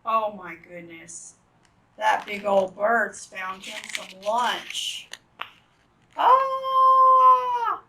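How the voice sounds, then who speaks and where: A woman reading picture books aloud to children, animated and full of gasps and exclamations. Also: medium pitch, takes it slowly, echoey room, recorded from a distance, background noise. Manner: animated, gasping, exclaiming to young listeners. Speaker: children's storytime reader.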